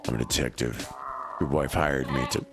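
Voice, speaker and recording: A man voicing a dry, deadpan detective cat with a lowered voice. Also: normal speed, creaky, over music.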